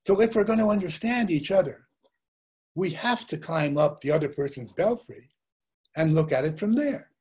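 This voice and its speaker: Husky older man giving a reflective lecture. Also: a little high, animated, moderate pace, a little mellow. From Russia and the United States. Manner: reflective, storytelling, rhetorical questions. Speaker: journalist giving a talk.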